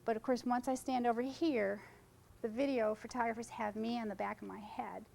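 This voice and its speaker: A woman's voice: on the high side, steady tone, brisk, gravelly, a little mellow, a little hiss or hum, low-quality recording. Chatty woman teaching wedding photography. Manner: chatty, jumps between topics, jokes with audience. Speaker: wedding photographer giving a seminar. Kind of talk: informal seminar talk to photographers. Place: conference room.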